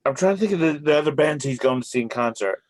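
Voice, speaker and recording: A man's voice: on the high side, animated, fast, a little mellow, no echo. A man hosting a casual group chat, joking and laughing often. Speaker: show host.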